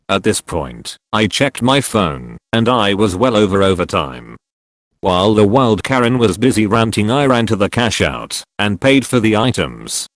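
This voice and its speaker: Synthetic male narrator for online stories, low-pitched, lively intonation, dry close sound. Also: no room sound. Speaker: narrator reading online posts. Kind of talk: scripted narration.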